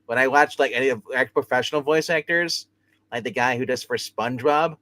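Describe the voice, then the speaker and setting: A man hosting a comic book livestream from his room at home, chatting casually with animated, rambling talk and frequent laughs. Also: mid-range voice, a little fast, no room sound. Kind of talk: casual chat.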